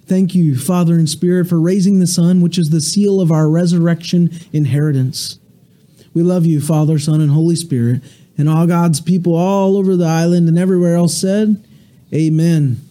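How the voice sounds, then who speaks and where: A man pastor preaching a sermon and leading prayer, earnest with halting restarts. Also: a little high, fairly even intonation, warm tone. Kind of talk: sermon with prayer and a told joke.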